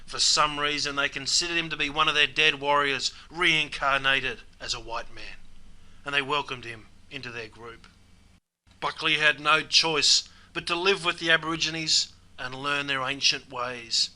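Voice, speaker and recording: A man's voice: on the high side, steady tone, normal speed, sharp tone, rough recording. A man with an Australian accent narrating a scripted comic lesson on slang, dropping "mate" into nearly every sentence. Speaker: host explaining slang.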